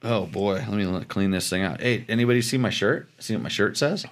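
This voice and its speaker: Low-voiced rambling male podcast host. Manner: rambling, halting, many restarts. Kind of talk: casual chat about motorcycles.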